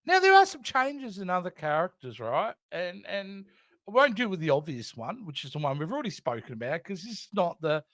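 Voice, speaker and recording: High, lively Australian man ranting. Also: fairly quick, no room sound. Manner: animated, exasperated, rambling. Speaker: podcast co-host. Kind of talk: casual podcast chat.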